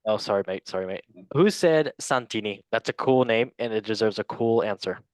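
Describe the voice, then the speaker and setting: A man's voice: on the low side, animated, brisk, no echo. A man hosting a casual football quiz, joking and stumbling over French names. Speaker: quiz master.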